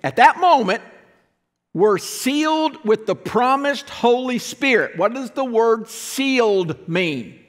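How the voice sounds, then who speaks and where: High-voiced pastor preaching in a reverberant church. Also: male voice, animated, slow. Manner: explains and asks the congregation questions. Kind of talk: sermon. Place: church sanctuary.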